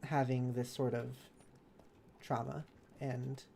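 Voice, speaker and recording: Woman, low voice, streamer, reads chat aloud, supportive, chatty. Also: little pitch movement, slow, vocal fry, dark tone, a little hiss or hum. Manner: reads chat messages aloud and answers them kindly; chatty and self-correcting, with laughs. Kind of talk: casual live-stream chat while gaming.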